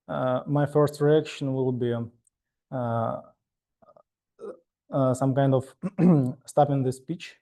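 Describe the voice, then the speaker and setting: A man giving an impromptu speech, hesitant and full of pauses and fillers. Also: mid-range voice, dark tone. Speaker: club newcomer giving an impromptu answer.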